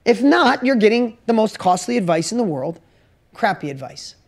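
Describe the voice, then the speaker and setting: A woman's voice: mid-range voice, very animated, normal speed. A woman business coach giving a motivational talk to a course audience, speaking emphatically and straight to her listeners with lots of rhetorical questions.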